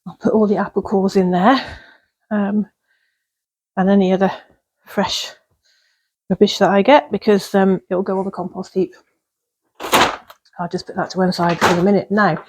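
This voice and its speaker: A woman's voice: medium pitch, little pitch movement, moderate pace, long pauses, darkish tone, slightly rough. A woman chatting casually while baking in her cottage kitchen, rambling along with fillers and little laughs. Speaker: vlogger baking at home. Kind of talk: casual cooking vlog chat.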